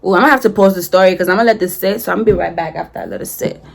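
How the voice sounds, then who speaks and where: A young woman in her twenties telling a storytime while doing her makeup, slangy and animated, acting out heated quotes. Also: lowish voice, very fast, gravelly. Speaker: vlogger.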